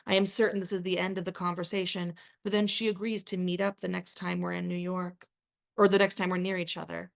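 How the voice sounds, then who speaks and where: A woman author reading her own first-person fiction aloud at a live event, measured and even, with the odd dry aside. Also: lowish voice, vocal fry.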